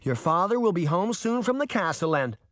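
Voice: mid-range voice, big pitch swings, normal speed, no echo, studio quality, voice pushed up, lightly acted. A reader voicing a fierce, protective mother who speaks firmly and commandingly, read as an audiobook. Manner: firm and commanding. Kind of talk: audiobook reading.

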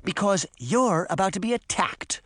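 A man voicing a sharp-tongued little girl fairy in an audiobook, snappy and scornful. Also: sits high, animated, normal speed, no room sound, clean studio sound, pitched above the performer's own voice. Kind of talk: audiobook character voice.

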